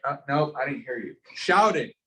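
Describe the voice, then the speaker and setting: A man teaching an entrepreneurship class, coaching students in an energetic way and often restarting his phrases. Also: medium pitch, normal speed, far from the mic. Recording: echoey room, speaker off-mic, faint noise.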